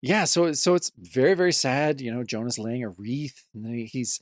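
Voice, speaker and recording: A man's voice: mid-range voice, animated, moderate pace, dry recording, studio quality. A man co-hosting a casual comic book podcast, talking bluntly and swearing now and then. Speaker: podcast co-host.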